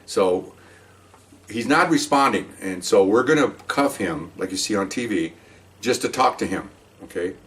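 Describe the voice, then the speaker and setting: A man's voice: lowish voice, animated, normal speed, fairly bright tone, far from the mic. An older man, a retired police officer, telling a story in a casual, rambling way and often checking in with "okay?". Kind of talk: casual spoken anecdote.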